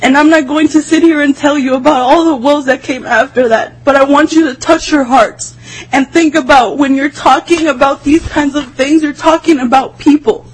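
A woman's voice: high voice, fairly even intonation, moderate pace, rough recording. A woman giving impassioned, pleading committee testimony while in tears, her voice breaking. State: tearful, voice breaking. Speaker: public testifier.

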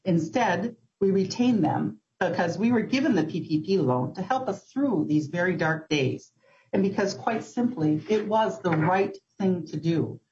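Earnest low-voiced woman testifying. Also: animated, darkish tone. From Minnesota. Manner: earnest, measured, occasional ums. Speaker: testifier, business owner. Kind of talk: formal public testimony. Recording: muffled lo-fi hearing audio.

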